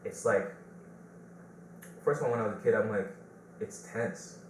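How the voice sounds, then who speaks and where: A man's voice: on the low side, brisk. Laid-back Detroit man in an echoey room. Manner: loose, laughing storyteller. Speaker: podcast host. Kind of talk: casual chat. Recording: roomy, distant mic with background hiss.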